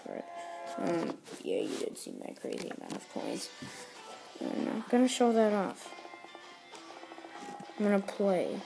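A woman's voice: mid-range voice, huge pitch swings, unhurried, vocal fry, pauses often, music in the background. A woman giving casual game commentary as the host of a gameplay tutorial, explaining each step while she rambles and corrects herself.

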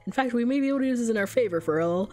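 A woman doing a greasy male troll lawyer for a game, pitched a little high and held back, and every word sounds like a sales pitch. He is overly polite and slick, always angling for his fee. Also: lively intonation, racing, darkish tone, soft background music, natural voice. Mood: smarmy.

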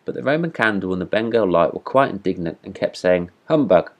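A man reading a classic fairy tale aloud as a storyteller, in steady read-aloud narration. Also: deep voice, fast talker, gravelly.

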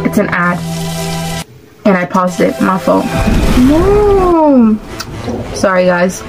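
A woman hosting a reaction video, talking in excitable, exclamatory bursts and swearing freely as she reacts. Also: medium pitch, takes it slowly, gravelly, pauses often, over music, rough recording. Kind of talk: casual reaction commentary.

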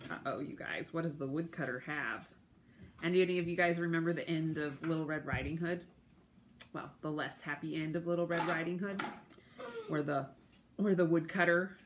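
A woman's voice: low-pitched, slight background noise. A woman library storyteller reading a picture book aloud to children, with chatty asides to her young listeners.

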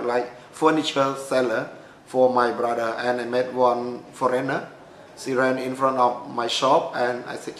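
A middle-aged man from Cambodia with a Cambodian accent, telling his life story in halting non-native English full of restarts. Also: medium pitch. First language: Khmer. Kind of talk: personal storytelling talk. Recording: echoey room with faint noise.

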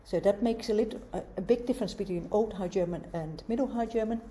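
A woman giving a university lecture, explaining in a measured way and asking rhetorical questions. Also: mid-range voice, warm tone.

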